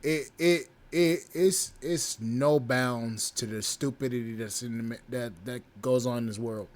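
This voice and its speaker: A man's voice: mid-range voice, measured pace. A young man hosting a podcast, talking bluntly and profanely in an exasperated, repetitive way. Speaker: podcast host. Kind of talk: casual commentary.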